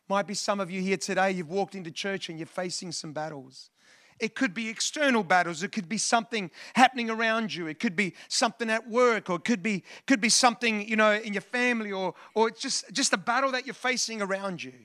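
A man preaches a sermon to a church congregation. His voice sits high for a man and rings bright. He often restarts phrases and calls out for the congregation's response. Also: a little fast. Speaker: pastor.

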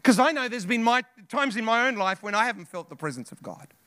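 A man's voice: very high-pitched, lively intonation, fast, fairly bright tone, dry recording, studio quality. A male pastor preaching a sermon with passion, repeating phrases and calling out to the congregation. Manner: impassioned preaching with repetitions and call-outs.

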